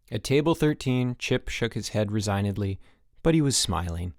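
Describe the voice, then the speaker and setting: A man narrating an audiobook in lively storytelling narration. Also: fairly low pitch, moderate pace, no echo, studio quality. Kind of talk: scripted narration.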